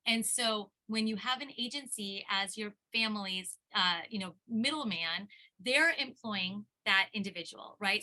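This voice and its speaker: A middle-aged elder law attorney gives an impassioned talk at a seminar, her medium-pitched voice pushed and bright. She tells a story full of restarts and repeated words.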